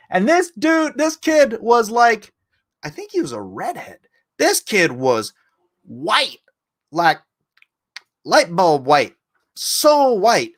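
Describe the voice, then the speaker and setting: A middle-aged man hosting a livestream, talking in a rambling, sarcastic opinion monologue that jumps up in pitch when he gets indignant. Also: fairly bright tone, no echo, clean studio sound. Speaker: livestream host.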